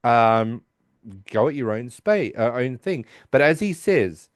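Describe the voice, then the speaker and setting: In an unhurried, expressive manner, a male podcast co-host walks through an episode, mimicking characters' lines in higher, raised voices. The studio-quality audio has no echo.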